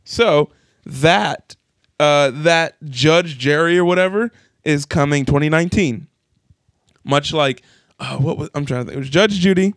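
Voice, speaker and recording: Young male co-host, upbeat and jokey, a touch high-pitched, recorded dry. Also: clear, resonant tone, no echo. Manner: animated, joking, quick asides. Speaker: podcast co-host. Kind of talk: casual chat.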